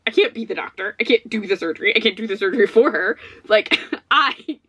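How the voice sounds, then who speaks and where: A woman's voice: medium pitch, very animated, a little fast, a bit bright, slightly rough. A woman chatting casually in a book vlog from her home office, stressed, rambling and self-deprecating, with little laughs between phrases. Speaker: book vlogger.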